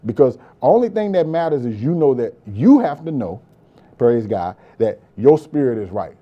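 A male pastor preaches with impassioned, repetitive emphasis, often calling listeners "beloved" and saying "praise God." His medium-pitched voice is very animated at a normal pace, though the recording is muffled.

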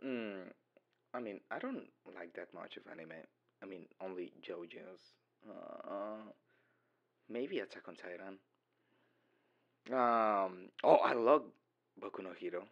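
A man's voice: deep voice, slow, gravelly, pauses often, muffled recording. Giggly young man. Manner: giggly, rambling, dorky. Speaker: boyfriend in audio role-play. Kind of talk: casual voicemail role-play.

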